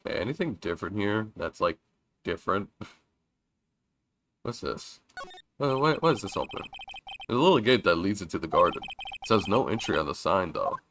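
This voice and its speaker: A young man casually chatting while playing a story game, reading its lines aloud and joking loudly between them. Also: sits low, big pitch swings, moderate pace, long pauses, slight background noise. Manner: chatty, jokey, reads game lines with loud outbursts. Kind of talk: casual let's-play commentary reading dialogue aloud.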